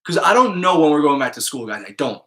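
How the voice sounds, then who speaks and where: A man's voice: a little high, big pitch swings, quick pace, a bit bright. A man, a math teacher, talking casually and upbeat to his students in a live online class, checking in with them often.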